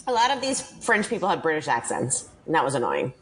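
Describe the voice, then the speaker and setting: A woman co-hosting a podcast, chatting casually about a film, animated and acting out her reactions. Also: sits low, fairly quick, soft background music. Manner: animated, laughs often, acts out her reactions. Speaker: podcast co-host. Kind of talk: casual film review chat.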